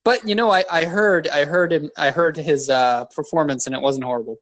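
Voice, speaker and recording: A man's voice: on the high side, a little fast, a bit bright, no room sound. A man co-hosting a casual chat podcast. He teases his friend with sarcastic jokes. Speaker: podcast co-host.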